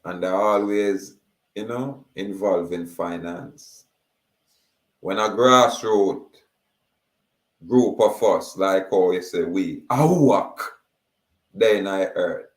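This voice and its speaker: A man with a Jamaican accent holds forth in an emphatic monologue, stretching his words as he declaims. His voice sits somewhat low, and he talks very slowly. The recording has a strong room echo. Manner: slow, drawn-out, declaiming. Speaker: speaker.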